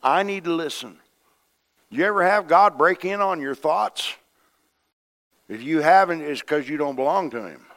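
A man preaching a sermon as pastor, folksy and conversational, swinging from hushed to loud. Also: on the high side, expressive, moderate pace, long pauses.

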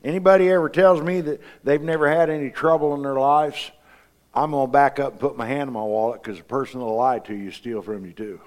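A man's voice: medium pitch, steady tone, brisk. A man preaching a sermon, folksy and conversational, rising to emphatic peaks. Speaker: pastor.

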